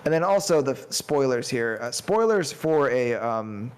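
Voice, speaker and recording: A man co-hosting a podcast, chatting casually about a film in a rambling, halting way full of restarts. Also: medium pitch, lively intonation, clean tone. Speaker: podcast co-host. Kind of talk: casual movie review chat.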